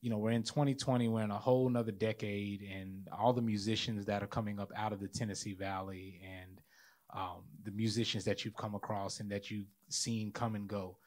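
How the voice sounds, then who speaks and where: A man hosting a casual chat, easygoing and quick with quips. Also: lowish voice, fairly even intonation, darkish tone. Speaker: host.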